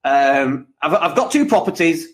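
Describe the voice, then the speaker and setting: A man's voice: a little high, a little slow. A man from England hosting his own podcast, talking casually and animatedly in a livestream monologue full of jokes and rants. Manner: animated, lively, jokey and ranting. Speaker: podcast host and property coach.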